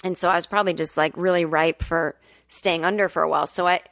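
A woman's voice: fairly even intonation, fast talker, fairly bright tone. A woman hosting a comedy podcast, telling a candid personal story at home and swearing freely. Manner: candid, chatty, swears freely, acts out quotes in a high whiny voice. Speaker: podcast host. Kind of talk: casual storytelling monologue. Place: temporary home in Brooklyn.

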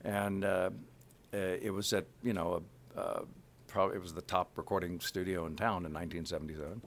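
A man in his sixties from Kansas City, telling animated stories as an interview guest. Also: low-pitched, a little fast, a little hiss or hum. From Kansas City, USA. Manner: animated, acts out quotes, laughs. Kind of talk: anecdotal storytelling.

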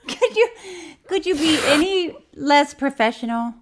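A woman's voice: expressive, slow. A woman co-hosting a podcast, casually recapping a crime documentary with a teasing, playful manner and frequent laughter. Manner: teasing, playful, laughs often, drops to a low mutter for asides. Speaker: podcast co-host.

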